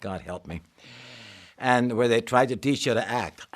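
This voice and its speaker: An older man, an actor, telling lively stories in an interview and acting out the voices. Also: mid-range voice, unhurried. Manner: animated, acts out voices in his stories. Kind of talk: anecdotal interview storytelling.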